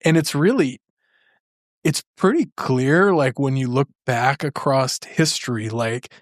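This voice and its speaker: A man's voice: medium pitch, expressive, measured pace, no room sound, clean studio sound. A man hosting a podcast, talking casually and rambling with many restarts. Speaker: podcast host. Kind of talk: casual interview chat.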